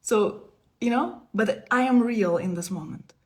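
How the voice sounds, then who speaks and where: A spiritual teacher in her thirties gives a casual talk on a live stream, picked up by a phone or webcam. Her voice is on the high side and unhurried; she's playful, laughs often and swings between soft asides and emphatic bursts.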